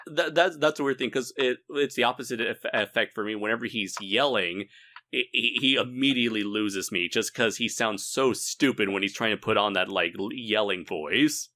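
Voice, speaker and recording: Low, bright-toned male host, hesitant and filler-heavy. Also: normal speed. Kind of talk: casual group chat review.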